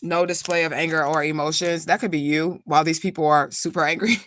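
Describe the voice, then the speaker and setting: Fast-talking blunt woman from St. Louis. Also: low-pitched, steady tone, a bit bright, no echo. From St. Louis, USA. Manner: blunt, profane, rambling. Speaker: spiritual reader. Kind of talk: casual livestream storytelling.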